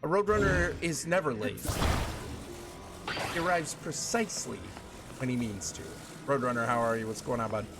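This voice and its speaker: A man's voice: medium pitch, normal speed, long pauses. A man streaming a video game, chatting playfully with viewers and singing snatches of songs. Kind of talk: casual gameplay chat with chat readers. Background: game music.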